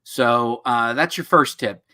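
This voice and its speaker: A middle-aged man from New Jersey with a bright, forceful voice at a middling pitch, chatting casually as co-host. He tells stories in a jokey, animated way. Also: slow pace, smooth. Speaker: co-host of a comics podcast. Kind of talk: casual chat.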